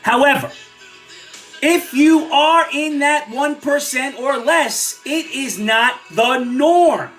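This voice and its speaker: A man's voice: very high voice, takes it slowly, fairly bright tone, soft background music. An older man giving a blunt, sarcastic, opinionated rant on his own vlog. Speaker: vlogger. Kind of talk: ranting commentary vlog.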